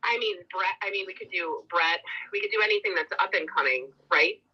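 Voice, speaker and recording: A woman's voice: lowish voice, brisk, husky. A woman co-hosting a casual crypto chat, speaking in an easygoing, teasing way. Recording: dull phone-like call audio.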